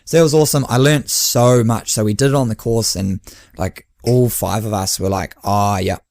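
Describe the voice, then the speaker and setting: A man's voice: mid-range voice, normal speed, darkish tone, no room sound, clean studio sound. A man, hosting a casual podcast and telling stories as a running coach, acting out quoted dialogue. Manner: chatty storyteller who acts out quoted dialogue with laughs.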